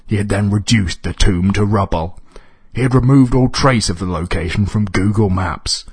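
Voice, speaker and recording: A man narrating an absurd comic story in a deadpan, dry manner. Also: on the low side, moderate pace, husky, dry recording.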